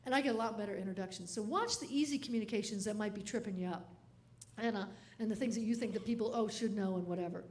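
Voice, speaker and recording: A woman comedian giving a keynote talk, telling funny stories in an animated way and laughing often at her own lines. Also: mid-range voice, quick pace. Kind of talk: comic keynote storytelling.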